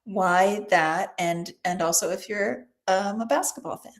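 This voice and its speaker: A woman author talking casually about her writing in an interview, thoughtful and quick to laugh, with frequent restarts. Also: medium pitch. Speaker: author guest.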